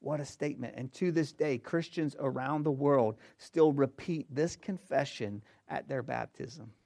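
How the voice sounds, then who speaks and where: A man preaching a sermon as pastor, emphatic, repeating key phrases and swinging between hushed and loud delivery. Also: medium pitch, measured pace, vocal fry.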